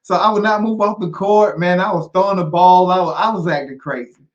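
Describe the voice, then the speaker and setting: A man's voice: sits high, a little fast, dull audio. A middle-aged man speaking as an interview guest, sharing a personal story earnestly and repeating key phrases for weight.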